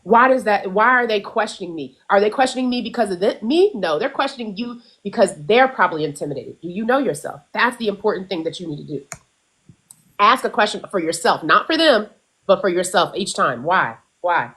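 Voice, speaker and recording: A woman from the United States speaks with real emphasis, her pitch swinging widely as she presses her point. She is blunt and not shy about swearing. Her voice sits at a middling female pitch on a casual live stream. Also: expressive, brisk, a bit bright. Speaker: wellness guest panelist.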